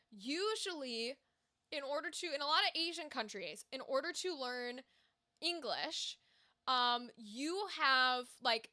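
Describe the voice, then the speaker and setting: Her voice is high, pushed and bright. This woman, a voice actor on a livestream, keeps the chat casual and candid, cursing without restraint and tossing in asides throughout.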